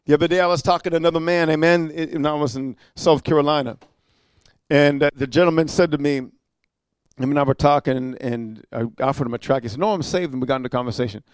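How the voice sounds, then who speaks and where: High-voiced fiery preacher man, dry sound. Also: fast talker, clean tone, dry recording. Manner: preachy, rhetorical "amen" and "huh?", swings from quiet storytelling to loud exhortation. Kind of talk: fiery sermon.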